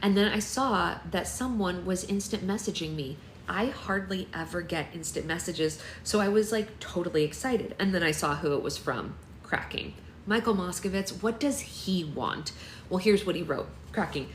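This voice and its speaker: A woman hosting a book club, reading a novel aloud in a lively, expressive way. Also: fairly low pitch, normal speed, reverberant, a little hiss or hum.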